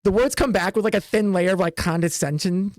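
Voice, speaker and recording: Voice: mid-range voice, a little fast, no echo. A game master narrating a tabletop game in a loose, rambling way, full of "like" and "um", recorded close and dry. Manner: rambling, hesitant, with many "like" and "um".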